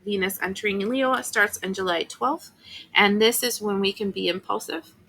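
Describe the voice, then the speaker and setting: A woman's voice: mid-range voice, moderate pace, creaky, sharp tone, a little hiss or hum, poor audio. A woman giving a casual, chatty tarot reading, emotional at times, with many fillers and asides. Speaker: tarot reader.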